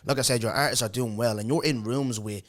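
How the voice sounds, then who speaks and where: A man's voice: mid-range voice, fairly even intonation, fast talker. A man with an Irish accent hosting a podcast, talking bluntly and casually, peppering his talk with "bro" and "do you get me". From Ireland. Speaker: podcast host. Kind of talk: casual chat.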